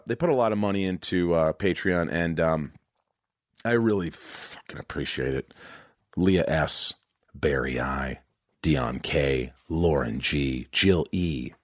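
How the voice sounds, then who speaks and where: In a dry, studio-quality recording, a deep-voiced man hosts a podcast. He rambles through a casual, candid chat, speaking frankly, emotionally and profanely, full of fillers and false starts.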